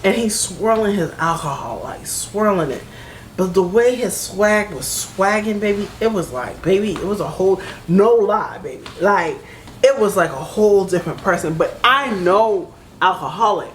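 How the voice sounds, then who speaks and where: A young woman vlogger telling a casual storytime, animated, swearing freely and acting out both sides of an argument. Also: mid-range voice, normal speed, a little hiss or hum. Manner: animated, swears freely, keeps saying "baby" and "right?", acts out both sides of a fight.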